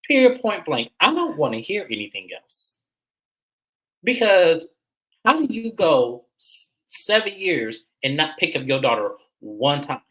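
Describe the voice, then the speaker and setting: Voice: mid-range voice, big pitch swings, measured pace, a bit bright, low-quality recording. A host recapping a reality show episode in casual, opinionated commentary, repeating points for emphasis.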